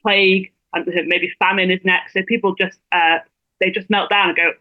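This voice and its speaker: A woman being interviewed as a guest, making her points in a fluent, measured way. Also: medium pitch, flat delivery, no echo. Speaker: guest blogger. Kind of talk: interview over a phone line. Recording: tinny dry phone line.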